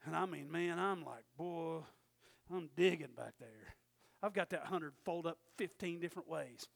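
Gravelly high-voiced preacher. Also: male voice, moderate pace. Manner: swings from loud emphatic preaching to quiet storytelling. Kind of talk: sermon with personal story.

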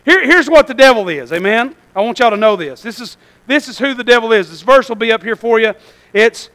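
A man preaching in church, tossing "Amen?" back to the congregation. His very high, bright voice jumps from shouted points to soft, quick asides. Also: lively intonation. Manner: call-and-response, asking "Amen?"; swings between shouting and quiet asides. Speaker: pastor. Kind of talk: sermon.

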